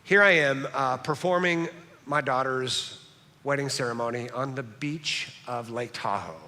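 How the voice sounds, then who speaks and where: Joking pastor with a bright voice in a hall. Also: male voice, mid-range voice, measured pace. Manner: conversational, joking, self-deprecating. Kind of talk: sermon. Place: church sanctuary. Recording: reverberant church hall.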